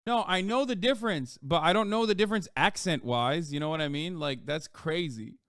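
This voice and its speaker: A man streaming live and chatting casually, rambling and swearing, his pitch leaping up when he gets worked up. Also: expressive, fairly quick, no echo, clean studio sound. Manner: profane, rambling, with sudden loud jumps in pitch.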